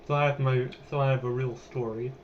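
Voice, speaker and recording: A man's voice: mid-range voice, fairly even intonation, a little fast, highs cut off, a little hiss or hum. A young man hosting a podcast, telling a personal story in a chatty, rambling way with lots of fillers. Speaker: podcast host.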